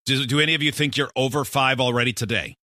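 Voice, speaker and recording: A man's voice: medium pitch, fast talker, sharp tone, no room sound. A man hosting a casual studio chat, asking the group questions and reading out figures. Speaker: radio show host. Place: radio studio.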